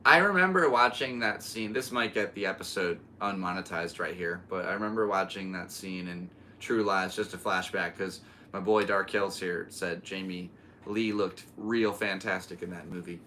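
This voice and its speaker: A male comedian chats alone on his podcast, rambling from thought to thought and breaking into laughter. His voice sits fairly low but has a bright, forward tone. The delivery stays loose and casual. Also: moderate pace, slight background noise. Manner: rambling, laughs often, restarts a lot. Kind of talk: casual solo podcast chat.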